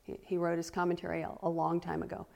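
Gravelly low-voiced woman teaching scripture. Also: monotone, darkish tone. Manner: reads slowly and deliberately, stressing key words; earnest, conversational asides between readings. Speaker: Bible teacher. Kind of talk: Bible teaching with scripture reading.

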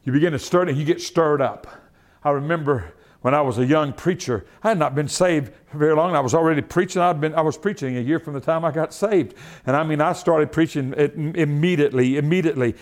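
A man preaching a fervent sermon, repeating phrases and swinging from shouts to hushed asides. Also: a little high, quick pace.

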